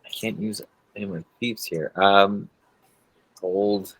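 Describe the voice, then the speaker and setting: Low voiced player, unsure, stops and starts, dry sound. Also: fairly even intonation, husky, dry recording, low-quality recording. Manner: unsure, halting, thinks aloud. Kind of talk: casual tabletop play.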